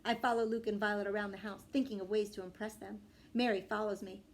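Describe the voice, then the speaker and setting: A woman reading a children's storybook aloud with expressive narration and lively character voices. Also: quick pace. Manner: voices a young girl with bursts of high excitement. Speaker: audiobook reader.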